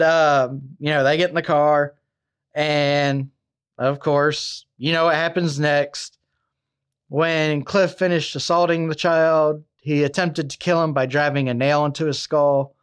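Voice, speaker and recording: A man's voice: a little high, clear, resonant tone. A man casually narrating a true crime story, chatty with asides and fillers. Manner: conversational, many fillers and asides.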